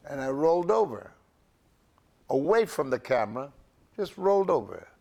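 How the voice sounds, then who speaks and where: An older man recalling his film work in an interview, halting and full of fillers and restarts. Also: a little high, sing-song, vocal fry, a little mellow. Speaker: actor interviewee. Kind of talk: reminiscing interview.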